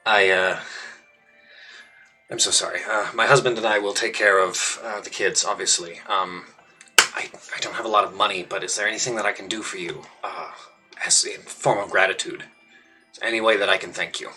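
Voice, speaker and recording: A man's voice: fairly low pitch, fairly even intonation, bright, forceful tone, far from the mic, faint music behind. A man voicing a kindly shopkeeper uncle who is tearful and keeps stammering over his words. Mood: emotional. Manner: halting, stammering with many ums.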